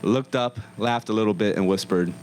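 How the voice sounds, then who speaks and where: A young man telling a comic story to a live audience in a comedy club, wry and deadpan sarcastic. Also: on the low side, normal speed, background noise.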